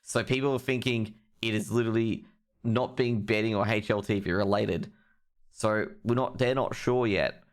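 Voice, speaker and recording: A man's voice: lowish voice, steady tone, moderate pace, smooth. A young man hosting a live stream, ranting with heavy profanity about esports news. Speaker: streamer host.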